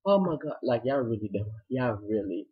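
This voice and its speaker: A man giving a chatty, excitable review of a TV episode, retelling scenes with dramatic asides. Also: medium pitch, moderate pace, breathy edge, narrow, tinny audio. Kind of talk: casual recap vlog.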